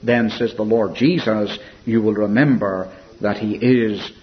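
A man preaching a sermon in an earnest, reflective way, softening and slowing when he quotes scripture. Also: lowish voice. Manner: earnest, reflective preaching with soft, slowed quotations. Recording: dull lo-fi recording with faint hiss.

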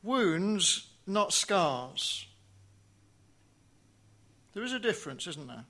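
A man preaching a sermon in a measured way, asking rhetorical questions and dropping to a hush on key phrases. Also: high-pitched, very animated.

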